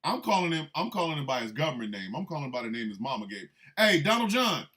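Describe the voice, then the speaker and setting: A man's voice: medium pitch, lively intonation, rapid-fire, fairly bright tone, voice pushed down, lightly acted. A man playing a riled-up male senator who keeps calling a rival out to the parking lot, with insistent, repetitive taunting.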